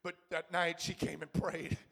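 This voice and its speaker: A male preacher with a high, gravelly voice delivers a fervent sermon at a church service. His tone is bright and sharp, and he drives his points home with rhythmic repetition and cries of hallelujah. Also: flat delivery, moderate pace.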